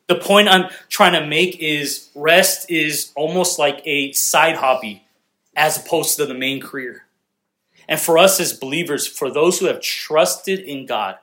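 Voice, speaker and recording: A man's voice: fairly high pitch, a bit bright. A young man preaching a sermon in a conversational, joking manner, talking directly with the congregation. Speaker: pastor.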